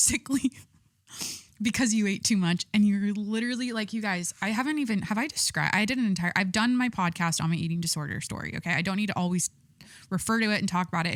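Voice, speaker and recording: Young adult woman, podcast host; candid, rambling casual chat, middle pitch, dry close recording. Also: no room sound. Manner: rambling, candid, lots of "like" fillers.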